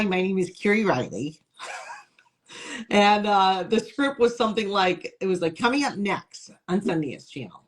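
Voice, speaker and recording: A woman from upstate New York talks in a relaxed, chatty interview voice. She is a lively storyteller who slips into other people's voices as she goes. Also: on the low side. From Syracuse, New York. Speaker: guest comedian and TV host. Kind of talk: casual interview chat.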